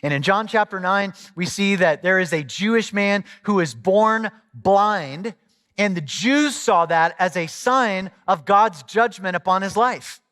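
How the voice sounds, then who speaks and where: A man's voice: high voice, lively intonation, a little slow, bright, forceful tone. A middle-aged man from Southwest Missouri, a pastor preaching a sermon in a conversational, storytelling way with asides. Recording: long hall reverb.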